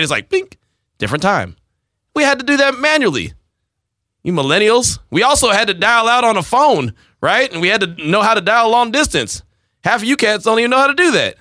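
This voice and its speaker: A man's voice: high-pitched, very animated, fairly quick, sharp tone, no echo, clean studio sound. A man in his forties hosting a sports radio show, talking in teasing banter and laughing often. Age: 40s. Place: radio studio.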